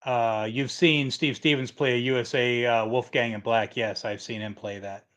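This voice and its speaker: A man's voice: medium pitch, fairly even intonation, normal speed, a bit bright. A middle-aged man from Michigan hosting a casual livestream, rambling through stories and reading chat comments aloud. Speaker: livestream host.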